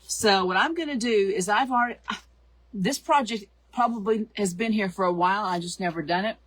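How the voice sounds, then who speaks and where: A hoarse middle-aged woman hosts a live craft tutorial, chatting and greeting viewers by name. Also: medium pitch, fairly quick, no room sound. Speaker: craft show host.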